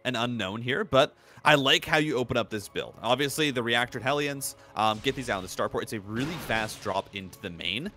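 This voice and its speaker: A man's voice: mid-range voice, brisk, hardly any pauses, bright, forceful tone. A man doing live esports commentary, chatty and analytical, often restarting his sentences. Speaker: esports caster.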